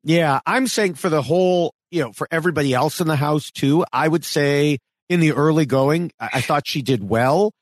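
A man with a slightly higher voice co-hosts a podcast in relaxed conversation. He becomes animated when he quotes others, and the sound is dry and close. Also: moderate pace, few pauses, no echo. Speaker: podcast co-host. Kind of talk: casual podcast discussion.

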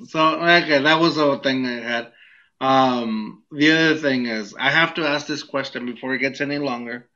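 A man's voice: medium pitch, moderate pace, sharp tone, dull audio. A man co-hosting a podcast in casual chat, laid-back and hesitant, often laughing. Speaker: podcast co-host.

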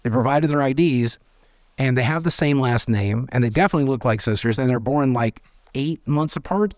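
A man, telling candid stories as an interview guest, animated and swearing freely as he acts out quoted voices. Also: mid-range voice, fairly quick, no echo, clean studio sound. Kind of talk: candid storytelling.

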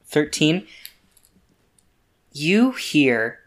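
A game master runs a tabletop game and describes the scene in a relaxed, casual voice. The pitch sits at an ordinary middle level. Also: very slow.

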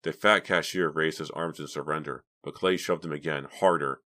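A male audiobook narrator with an extremely deep voice. He tells the story at a steady, even pace in a scripted reading style. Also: normal speed.

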